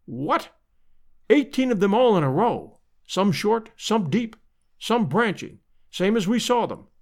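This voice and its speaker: A man voicing a brisk, hearty aristocratic adventurer in a storybook reading. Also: high voice, sing-song, pitched above the performer's own voice, heavily acted. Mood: eager.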